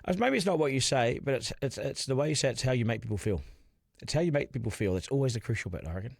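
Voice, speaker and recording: Fast-talking New Zealand man hosting. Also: medium pitch, animated, creaky, no room sound, studio quality. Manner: warm, chatty, laughs often, says "eh?". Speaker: podcast host. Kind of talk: casual interview chat.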